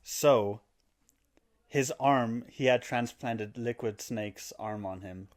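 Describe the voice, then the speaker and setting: Speaking slowly in a mid-range voice, this man co-hosts a podcast and walks through a video game story. His casual, animated telling includes occasional character voices and laughter as he acts out lines.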